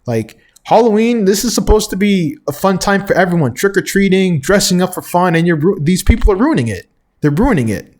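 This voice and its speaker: A man with a slightly raised pitch talks straight to his audience, reacting to footage. He grows more and more indignant, stumbling over repeated words and catching himself with short laughs. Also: sing-song, fairly quick, a little mellow. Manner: indignant, ranting, self-correcting with chuckles. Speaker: commentary host. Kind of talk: reaction commentary.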